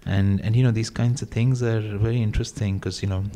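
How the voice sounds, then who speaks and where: Soft-spoken film director. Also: male voice, lowish voice, steady tone, a little hiss or hum. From India, Mumbai. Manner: measured, with frequent fillers and restarts. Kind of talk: interview answers.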